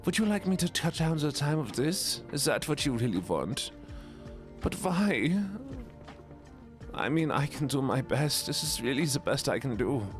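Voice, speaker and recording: A man putting on a German accent, playing a moody, teasing character who asks slow, mock-stern questions. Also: medium pitch, very animated, soft background music, natural voice. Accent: put-on German.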